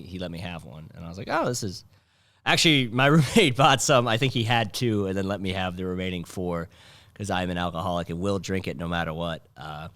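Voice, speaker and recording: A man hosting a casual comedy podcast, rambling and sardonic, breaking into loud mocking impressions. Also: deep voice, no echo. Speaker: podcast host. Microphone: studio mic.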